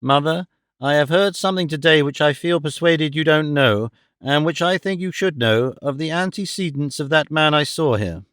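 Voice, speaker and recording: A man's voice: a little high, moderate pace, a bit bright, clean tone, no echo, clean studio sound, lightly acted. A male audiobook reader voicing an earnest, troubled grown son who speaks in a pleading way. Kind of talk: audiobook character voice.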